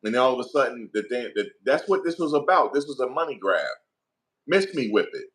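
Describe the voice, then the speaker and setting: A man's voice: mid-range voice, sing-song, fairly quick, a bit bright. A middle-aged man, giving heated opinion commentary in an emphatic, profane, repetitive rant.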